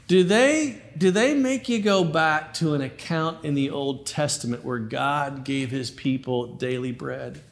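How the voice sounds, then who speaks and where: A man's voice: fairly high pitch, takes it slowly, creaky, few pauses. A man preaching a sermon in a playful, conversational way, often repeating words as he builds a point. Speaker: pastor.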